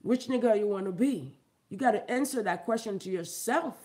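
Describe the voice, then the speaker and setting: Loud, profane ranting woman vlogger. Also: a little fast. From Haiti. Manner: loud, emphatic, profane, laughing, big pitch swings. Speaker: vlogger and comedian. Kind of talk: ranting commentary vlog.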